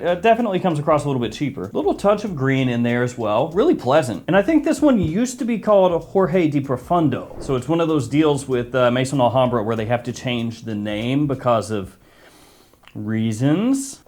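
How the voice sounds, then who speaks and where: A man's voice: mid-range voice, a little mellow, a little hiss or hum. A man giving a casual, jokey fragrance review as host, chatty and self-mocking.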